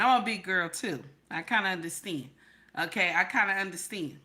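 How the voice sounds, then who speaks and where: A woman's voice: high-pitched, pushed and bright. A woman giving blunt, emphatic reaction commentary, often repeating "Okay?" for emphasis.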